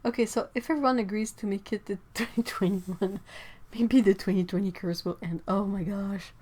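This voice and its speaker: A woman's voice: medium pitch, fairly even intonation, moderate pace, a little mellow. A young woman hosting a livestream, chatting casually and giggling to her viewers while she paints.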